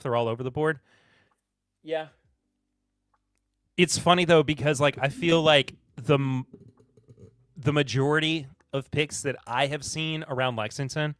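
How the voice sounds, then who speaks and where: A man hosting a casual live podcast, talking in a relaxed, rambling way with fillers, and answering chat comments. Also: on the high side, clean tone, no echo, clean studio sound. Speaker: podcast host.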